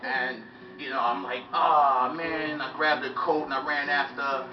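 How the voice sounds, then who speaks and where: A man's voice: medium pitch, flat delivery, moderate pace, reverberant, music in the background. A man performing spoken word, telling a casual story to a live audience. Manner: conversational, loud when acting out shouts. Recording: lo-fi live recording from a distance.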